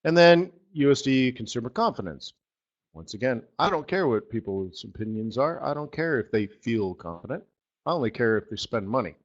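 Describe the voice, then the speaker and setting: A man's voice: medium pitch, animated, moderate pace, dull audio. A man hosting a live trading webinar, talking in a sarcastic, joking, rambling way. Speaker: forex market strategist hosting a live webinar.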